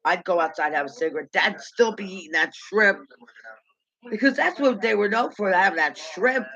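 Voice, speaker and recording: A middle-aged woman telling loose, halting stories from her past, repeating words as she goes and laughing at her own memories. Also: medium pitch, expressive, sharp tone, dull audio. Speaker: vlogger. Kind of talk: rambling personal storytelling.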